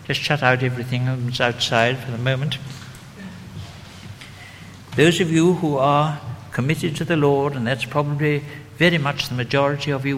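A man preaching an evangelistic sermon, gently and deliberately leading the listeners through prayers. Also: mid-range voice, slight background noise. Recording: long hall reverb.

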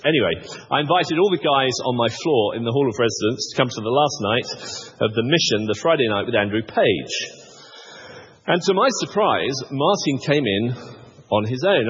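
A man's voice: medium pitch, husky. A man preaching a sermon, with wry, self-deprecating humor and frequent restarts. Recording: muffled sound with long hall reverb.

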